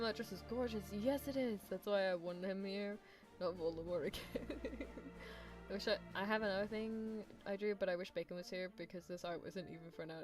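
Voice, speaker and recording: A British woman streaming a story game, chatting and laughing with her chat and reading the text aloud. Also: lowish voice. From Britain. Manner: chatty, giggly, talks to chat.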